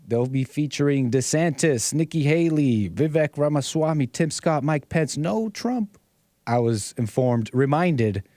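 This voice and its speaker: A man's voice: on the high side, darkish tone, no echo, clean studio sound. A man hosting a call-in livestream show, talking casually in a rambling way, repeating phrases and chuckling often. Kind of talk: casual talk-show commentary.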